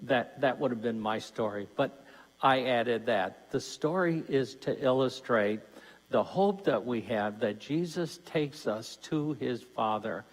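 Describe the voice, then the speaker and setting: A man's voice: mid-range voice, a little slow. A man giving a conversational Lenten mission talk as a deacon, putting questions to his listeners. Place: church. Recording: long church reverb.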